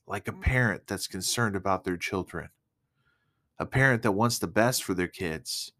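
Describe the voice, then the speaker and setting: A man's voice: low-pitched, moderate pace, a bit bright. A young man giving a casual, earnest devotional talk to viewers, emotional at times and full of fillers. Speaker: Christian speaker.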